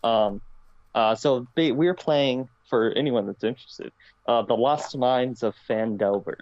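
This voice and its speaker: A man co-hosting a podcast in casual chat, relaxed and rambling, often quoting his own thoughts. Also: mid-range voice, unhurried, dull audio. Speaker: podcast co-host.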